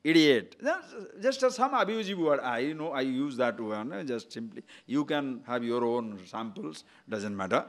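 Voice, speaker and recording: An older man, giving a spiritual discourse full of rhetorical questions and repeated words, his pitch and loudness rising and falling widely. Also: expressive, normal speed, hardly any pauses. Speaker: spiritual teacher.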